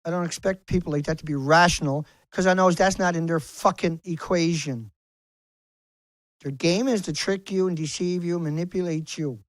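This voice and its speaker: A man's voice: a little high, steady tone, normal speed, no echo. A man delivering an angry, profane rant to camera as an activist vlogger, repeating phrases for emphasis, outdoors on a beach. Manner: angry, swearing, repetitive and emphatic.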